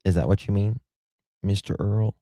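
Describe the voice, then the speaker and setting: A man's voice: lowish voice, fairly even intonation, normal speed, warm tone, dry recording. A man hosting a casual livestream, chatty and defiant, thanking his viewers. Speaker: livestream host.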